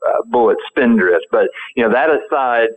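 Man, phone-line sound, relaxed guest talk, fillers. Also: medium pitch, normal speed. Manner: relaxed, thinking aloud with fillers. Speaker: guest, firearms company founder. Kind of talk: casual interview talk.

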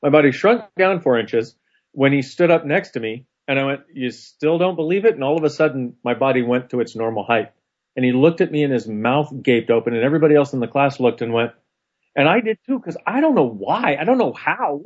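A man telling a personal story in a casual, animated conversation, laughing often. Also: medium pitch, fairly quick, husky. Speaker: co-host. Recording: dull lo-fi sound.

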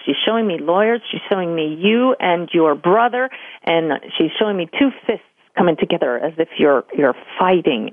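A woman's voice: deep voice, no echo. An older woman, a spiritual medium, telling stories in an interview and acting out the voices she quotes. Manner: animated storyteller, acts out quoted voices. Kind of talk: conversational interview storytelling. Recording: tinny phone-line audio.

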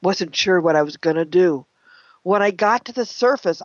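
A woman giving a motivational talk, telling a personal story with dramatic pauses and repeated phrases. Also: on the low side, lively intonation, no echo. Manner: dramatic, repetitive storytelling with slowed emphasis. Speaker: motivational speaker. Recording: dull, lo-fi, dry sound.

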